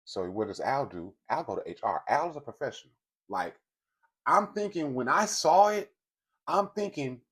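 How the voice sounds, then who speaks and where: Speaking straight to his audience, a male commentary host with a low-leaning, husky voice relays celebrity gossip. His delivery is casual, blunt, and full of profanity.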